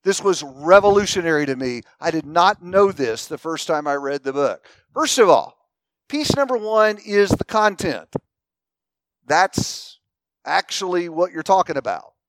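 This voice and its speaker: Recorded dry, this high-pitched man speaks at a measured pace while teaching a group. He's an animated storyteller who acts out anecdotes, guides listeners through an illustration, and questions the audience.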